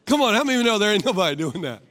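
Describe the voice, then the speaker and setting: A man's voice: sits high, very animated, racing, a bit bright. A male pastor preaching a sermon. He repeats his questions and keeps asking the congregation for responses. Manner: rhetorical, calls for congregation responses.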